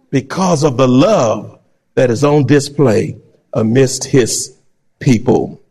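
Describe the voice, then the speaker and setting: A male pastor preaching an animated sermon. He acts out voices and breaks into shouts. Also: mid-range voice, slow pace, breathy edge.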